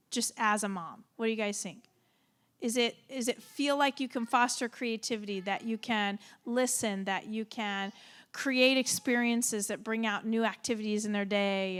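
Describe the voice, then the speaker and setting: A middle-aged woman and former therapist giving an animated, laugh-filled talk to a moms' group. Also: a little high, clean tone. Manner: animated, acts out reactions, laughs often.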